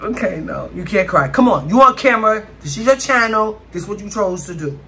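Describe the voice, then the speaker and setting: A woman's voice: mid-range voice, lively intonation, fairly quick, sharp tone, slight background noise. A woman vlogger, chatting dramatically to her viewers during a mukbang. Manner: chatty, dramatic, keeps addressing viewers as y'all. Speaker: food vlogger. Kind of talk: casual mukbang chat to viewers.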